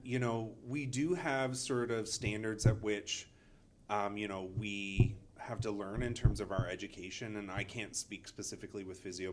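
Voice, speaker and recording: A man's voice: lowish voice, a little hiss or hum. A man, a chiropractor co-host who hedges and fills his talk with "kinda" and "you know". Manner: hedging, many fillers like "kinda" and "you know". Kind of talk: casual podcast chat.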